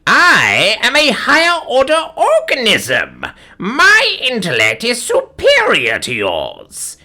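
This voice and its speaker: A man voicing a pompous, skinny, big-headed alien man who talks down to everyone in a slow, haughty way. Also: very high-pitched, wildly swooping pitch, bright, forceful tone, voice pushed up, exaggerated voice.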